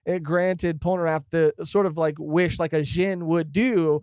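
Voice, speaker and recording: Excitable rambling young man, dry mic. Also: a little high, measured pace, smooth, dry recording. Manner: rambling, excitable, self-correcting. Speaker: podcast co-host. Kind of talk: casual chat.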